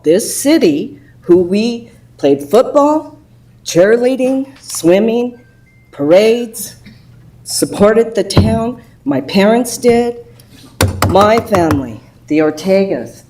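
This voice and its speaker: Slow, emotional, indignant woman. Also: mid-range voice, darkish tone, low-quality recording. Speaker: public commenter. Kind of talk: public comment at a council meeting.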